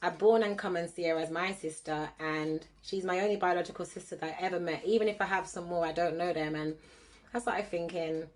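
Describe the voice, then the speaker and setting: A woman's voice: fairly low pitch, fairly even intonation, brisk. A woman hosting a casual livestream, chatting with viewers and reading cards. She laughs often and mixes patois with London slang. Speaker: livestream host and card reader.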